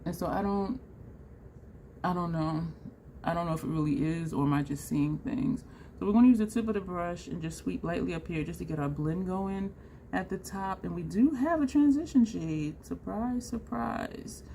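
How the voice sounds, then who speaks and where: A woman vlogging a makeup tutorial in a chatty, excitable way, talking straight to her viewers. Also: on the low side, moderate pace, slight background noise. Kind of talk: casual makeup tutorial chat.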